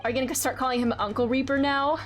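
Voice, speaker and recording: A woman's voice: high voice, fairly even intonation, quick pace, faint music behind. A woman streamer giving casual, emotional commentary on a story game, swearing casually.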